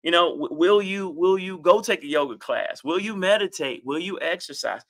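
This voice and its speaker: A middle-aged man giving relationship advice on a livestream, reading out viewer comments with a passionate, animated delivery. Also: sits high, normal speed.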